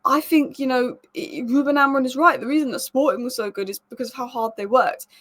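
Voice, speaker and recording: A woman's voice: high voice, fast, fairly bright tone. Chatty, emphatic young woman. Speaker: football news channel host. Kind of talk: casual opinionated football commentary to camera.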